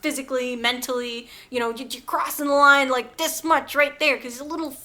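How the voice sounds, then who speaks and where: A woman's voice: high voice, steady tone, a little fast, bright, forceful tone. A woman co-hosting a podcast, recapping a film in casual chat with lots of fillers and profanity. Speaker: podcast co-host.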